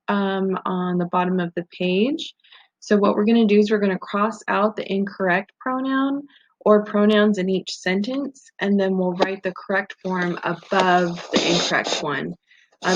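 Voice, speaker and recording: A woman teacher giving a recorded grammar lesson, patient and methodical, walking through examples step by step. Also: mid-range voice. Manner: patient, methodical, talks through on-screen steps. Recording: slightly dull lo-fi audio.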